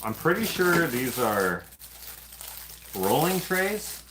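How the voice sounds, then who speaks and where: A man from Canada hosting a casual livestream, telling stories in an animated, laughing, loosely profane way. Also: a little high, slow pace, background noise. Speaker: host of live hangout stream.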